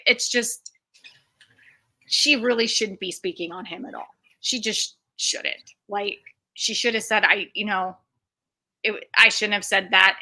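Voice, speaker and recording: A woman's voice: mid-range voice, pushed and bright. A woman streamer giving frank, emphatic commentary in casual chat.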